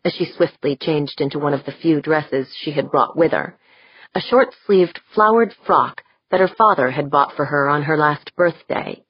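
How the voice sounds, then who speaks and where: A woman reading an audiobook in a steady, measured narration. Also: low voice, slightly rough, no echo. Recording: slightly dull audio.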